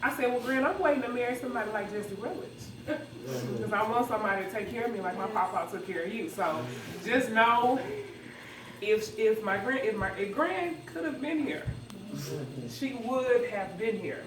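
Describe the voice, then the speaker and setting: A woman's voice: a little high, normal speed, noisy background. A woman giving a eulogy for her grandfather, talking conversationally and laughing through her grief. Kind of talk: emotional memorial speech. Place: church funeral service. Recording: echoey hall, distant mic, crowd.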